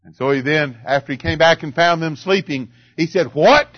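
An older man preaching a sermon in a church, swinging from ringing cries down to quiet, drawn-out murmurs. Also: a little high, steady tone, lo-fi sound. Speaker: pastor.

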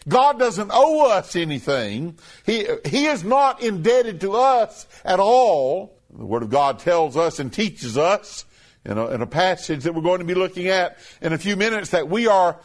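A man preaching a sermon, emphatic and deliberate, repeating phrases as his voice swells and drops. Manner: emphatic, repeating phrases with rising and falling pitch.

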